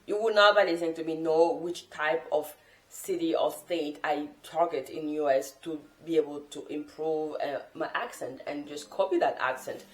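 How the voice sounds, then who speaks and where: A woman's voice: low voice, little pitch movement, moderate pace, roomy sound, soft background music. A woman and non-native English speaker, rambling in an unscripted, casual vlog talk from the floor of her room. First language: not English. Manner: rambling, chatty, self-correcting. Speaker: language-learning vlogger. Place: sitting on the floor in a room at home. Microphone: camera mic.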